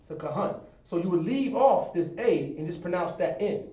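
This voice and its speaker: Male instructor, fairly high voice, patient stepwise explanations, recorded from across an echoey classroom. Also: expressive, normal speed, dark tone. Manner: explains step by step, often asks "understand?". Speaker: teacher of a Hebrew class. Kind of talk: classroom teaching at a whiteboard. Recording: echoey room, distant dull sound.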